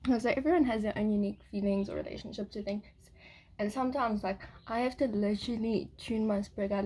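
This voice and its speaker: A woman's voice: mid-range voice, brisk, slight background noise. A woman rambling through a casual spiritual vlog monologue, giggling often and swearing casually. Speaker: spiritual vlogger.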